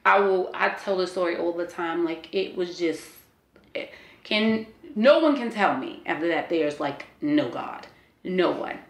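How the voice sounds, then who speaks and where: A woman's voice: fairly low pitch, lively intonation, a little slow, roomy sound. A woman in her forties telling a personal testimony in a candid, earnest way, full of "you know" and "like". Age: 40s. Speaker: interviewee sharing a personal testimony. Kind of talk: emotional personal storytelling.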